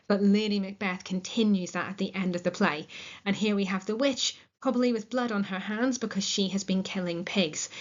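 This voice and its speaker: A woman teaching a literature lesson, explaining a play in a chatty way and paraphrasing its lines in modern words. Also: mid-range voice. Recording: muffled lo-fi recording.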